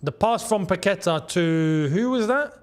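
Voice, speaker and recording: A man hosting a live football watchalong, reacting to play and chatting to viewers, shouting at big moments. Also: high voice, a little slow. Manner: excitable, shouts at goals, chats to viewers. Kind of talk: live match watchalong commentary.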